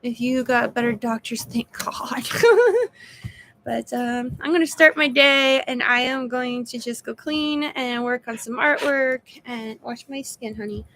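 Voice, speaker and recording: Woman vlogger, exhausted and emotional, frank casual talk, a touch high-pitched. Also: fairly even intonation, measured pace, hardly any pauses, a bit bright. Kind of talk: casual personal video update.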